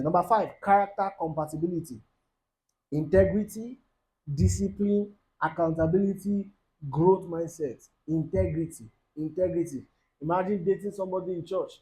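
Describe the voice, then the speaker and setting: High-voiced Nigerian preacher. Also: male voice, poor audio. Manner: lively preaching, mixes in pidgin, acts out quoted voices, laughs. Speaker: pastor. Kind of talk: sermon.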